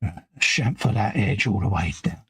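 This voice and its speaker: A man's voice: lowish voice, expressive, moderate pace, fairly bright tone, husky, no echo. A British man co-hosting a laid-back, teasing chat while he builds a model. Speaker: co-host.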